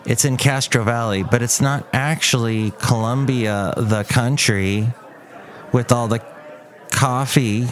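A man's voice: mid-range voice, fairly even intonation, takes it slowly, a faint crowd. A man hosting a podcast as a loose, comic solo monologue, wandering off on tangents and joking at his own expense. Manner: rambling, self-mocking asides. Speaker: podcast host. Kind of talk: casual comedic monologue.

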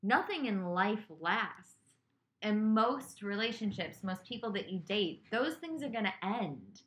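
A woman's voice: mid-range voice, lively intonation, a little slow, a bit bright. Woman musing loosely on a casual podcast. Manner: reflective, rambling with many fillers. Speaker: podcast co-host. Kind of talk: casual chat.

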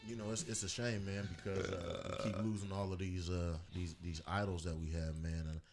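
A man's voice: sits low, level tone, a little fast, over music. A man co-hosting a podcast in casual chat, rambling through his thoughts with lots of "you know" and restarts. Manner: rambling with many fillers and restarts. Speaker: podcast co-host.

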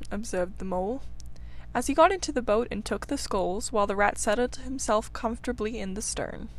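A woman narrating a classic children's story aloud in a gentle, measured reading voice. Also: medium pitch. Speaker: audiobook reader.

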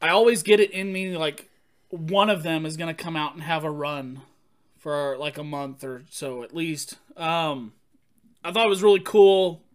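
A man co-hosting a podcast, chatting casually and telling playful stories with quick jokes. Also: on the high side, smooth. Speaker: podcast co-host. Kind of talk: casual chat.

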